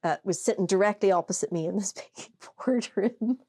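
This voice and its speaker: A woman co-hosting a casual chat show with an Irish accent, telling animated stories, swearing and laughing often. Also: medium pitch, fairly quick. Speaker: podcast co-host.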